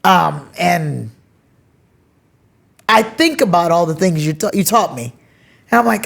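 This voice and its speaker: A middle-aged woman hosting a casual, heartfelt conversation, telling stories with animated swings in her voice. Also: measured pace, gravelly, long pauses. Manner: animated storytelling, expressive pitch swings. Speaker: podcast host.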